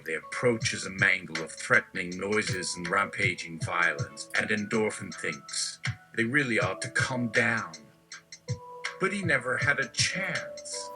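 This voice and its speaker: A man's voice: lowish voice, rough recording. A man hosting a live show, reading an absurd story aloud with wry asides. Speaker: storyteller host. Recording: music playing behind.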